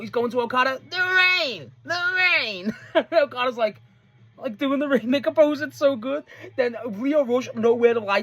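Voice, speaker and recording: With a medium-pitched voice and no audible room sound, this wrestling show reviewer rambles casually through a match recap. Swearing comes easily, laughter is frequent, and sentences keep getting restarted.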